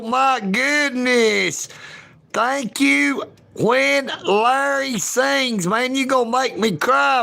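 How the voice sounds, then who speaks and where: Gravelly man, slow folksy drawl. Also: very high voice, pushed and bright. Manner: folksy, drawling, talks straight to chat. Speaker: livestream host. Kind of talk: casual live-stream chat.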